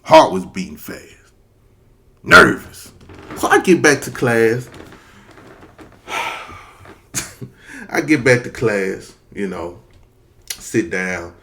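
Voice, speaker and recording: Man, comic storyteller, low voice, lively pitch, cussing a lot. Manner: profane, animated, acts out characters. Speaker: comedian storyteller.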